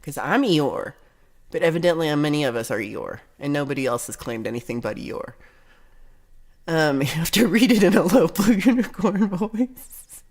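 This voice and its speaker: A woman's voice: low-pitched, lively intonation, normal speed, darkish tone. A woman hosting a casual livestream chat, reading viewer comments aloud and reacting with giggles and chatty asides. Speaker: livestream host.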